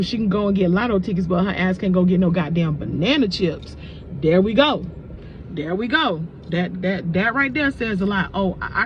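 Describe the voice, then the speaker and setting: A woman vlogging outdoors, casually telling a story to camera with animated asides to her viewers and blunt, salty language. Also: on the high side, highs cut off, a little hiss or hum. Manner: chatty, animated retelling with frequent asides to viewers. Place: outdoors in sunlight.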